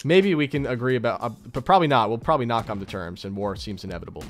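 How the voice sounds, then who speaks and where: A man's voice: mid-range voice, very fast, soft background music. A man hosting a casual gaming session with friends, joking and making dramatic outbursts. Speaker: host, gamer.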